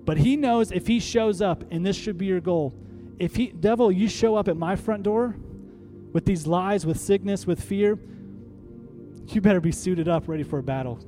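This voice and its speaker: With faint music in the background, a pastor preaches in a high, mellow voice at a moderate pace. His sermon features call-and-response with the congregation and swells to emphatic, rallying peaks.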